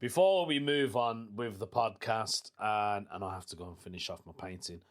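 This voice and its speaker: A man's voice: fairly low pitch, lively intonation, moderate pace, few pauses. A British man hosting a casual solo podcast, chatty and jokey, laughing often. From United Kingdom. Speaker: podcast host.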